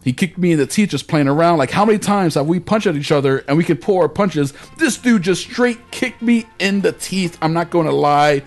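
Animated, swearing podcast host. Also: male voice, on the high side, brisk, few pauses. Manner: animated, profane anecdote telling. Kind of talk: casual storytelling chat.

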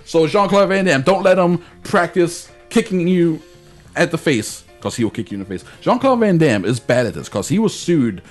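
Animated, swearing podcast host. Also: male voice, fairly high pitch, moderate pace, soft background music. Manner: animated, profane anecdote telling. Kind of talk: casual storytelling chat.

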